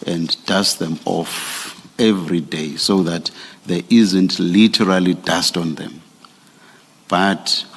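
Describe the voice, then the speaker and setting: Man, commissioner, very deep voice, slow, gravelly, measured questions. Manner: measured, repeats words while thinking. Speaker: commissioner chairing a hearing. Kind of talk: questioning at a formal hearing.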